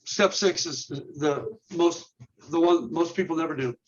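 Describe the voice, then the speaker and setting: Unhurried and fairly high-pitched, a man speaks on a recording with the highs cut off. The men's ministry leader, a guest in an interview, earnestly walks through steps, tossing out rhetorical questions and frequently restarting his words.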